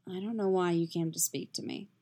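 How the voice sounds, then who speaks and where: A woman voicing a guarded, proud sorceress, speaking in a quiet, measured way. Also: fairly low pitch, creaky.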